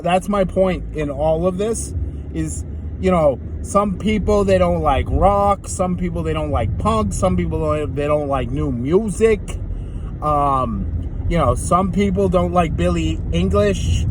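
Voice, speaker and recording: High-voiced joking guy in a car. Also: background noise. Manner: jokey, self-mocking, full of asides. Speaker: rideshare driver vlogger. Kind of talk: casual rambling monologue.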